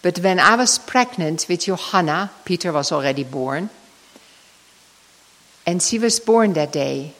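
A woman's voice: fairly low pitch, lively intonation, measured pace, pauses often. An older woman telling a heartfelt personal story in a sermon and leading a prayer. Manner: emotional storytelling, ending in soft prayer. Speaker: speaker giving a devotional talk. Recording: long reverb of a large hall.

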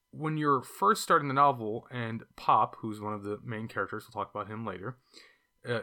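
A man's voice: mid-range voice, sharp tone. A man with a Californian accent talking casually and thoughtfully about a novel he read, with some fillers and restarts. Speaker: book reviewer. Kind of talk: casual book discussion.

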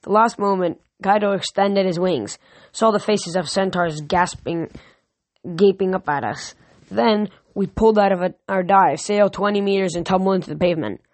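A man's voice: sits high, normal speed, no room sound. A male amateur reader reading a novel aloud, with frequent restarts and self-corrections. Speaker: audiobook reader.

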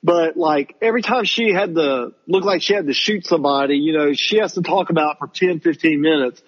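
A man co-hosting a podcast, ranting in casual chat about a show he disliked and mocking it in a high voice. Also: brisk, slightly rough, lo-fi sound. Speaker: podcast co-host reviewing shows.

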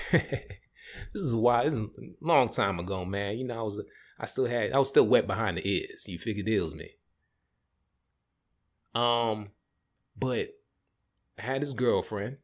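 A man hosting a casual storytelling podcast, slangy and animated, jumping in and out of voices. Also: mid-range voice. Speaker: podcast host.

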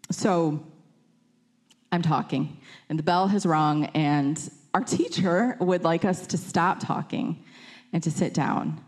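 Chatty low-voiced woman preaching. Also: darkish tone. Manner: chatty, with many fillers and self-corrections. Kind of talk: informal teaching with a personal story.

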